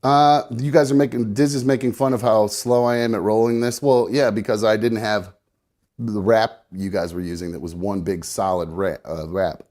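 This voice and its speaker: Man, low-pitched, casual live-stream rambler, profane, self-narrating, slightly breathless. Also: fairly even intonation, moderate pace, a little mellow. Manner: rambling, swearing, self-narrating while rolling. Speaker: live show guest rolling a blunt.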